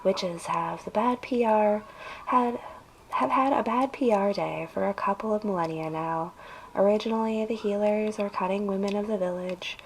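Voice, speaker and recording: A woman's voice: medium pitch, slight background noise, low-quality recording. A woman giving a casual tarot reading in an emphatic, coaxing way, drawing out her phrases. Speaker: tarot reader.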